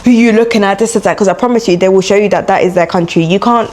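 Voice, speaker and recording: A woman's voice: medium pitch, fast, a little mellow. A young woman with a London accent chatting frankly through a get-ready-with-me vlog, filling her talk with "like" and "you know". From London, England. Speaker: beauty and travel vlogger. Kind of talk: get-ready-with-me casual chat. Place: indoors while travelling.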